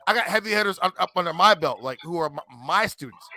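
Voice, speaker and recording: A man's voice: sits high, animated, quick pace, pushed and bright, no echo, studio quality. A man in his forties talking on a livestream panel, emphatic and combative, boasting and swearing as he argues. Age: 40s. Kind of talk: heated livestream chat.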